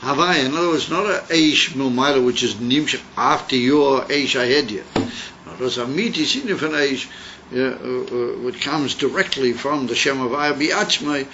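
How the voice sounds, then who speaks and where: A male rabbi teaching a Hasidic text and telling a story, in halting English full of fillers and Hebrew and Yiddish terms. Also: medium pitch, pushed and bright. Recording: dull lo-fi recording with faint hiss.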